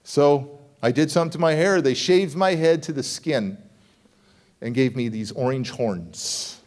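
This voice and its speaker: A middle-aged man, a motivational speaker, telling a story on stage, animated and jumping into quoted voices. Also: measured pace. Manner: animated, acts out quoted voices with big pitch jumps. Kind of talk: energetic storytelling keynote. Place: conference hall stage.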